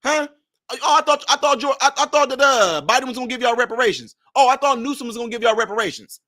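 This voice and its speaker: A man's voice: extremely high pitch, fast, bright, forceful tone, no echo, clean studio sound. A man delivering a confrontational commentary rant, scolding and sarcastic, hammering rhetorical questions. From Chicago area.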